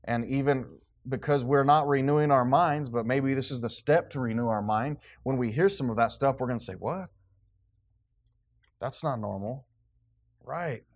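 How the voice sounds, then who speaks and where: A man preaching as pastor, reading scripture slowly and explaining it in a casual, conversational way. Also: medium pitch. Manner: reads scripture slowly and deliberately, then talks casually with laughs. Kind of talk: sermon.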